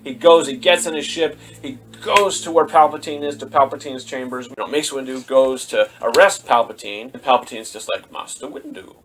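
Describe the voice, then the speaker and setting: A man's voice: mid-range voice, moderate pace, hardly any pauses, noisy background. A man casually retelling and reviewing a film, rambling with plenty of "you know" and "just like". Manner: rambling, full of fillers. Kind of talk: casual movie review vlog.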